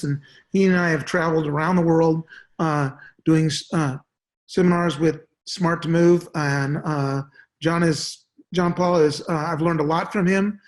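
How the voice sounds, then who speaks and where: A man hosting a golf webinar, introducing a guest in a casual, hesitant way with many fillers. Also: a little high. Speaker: host.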